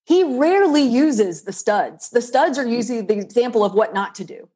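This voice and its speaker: A woman's voice: fairly high pitch, expressive, moderate pace, mellow, husky. A woman guest on a faith-based leadership podcast, talking in emphatic, preacher-like bursts.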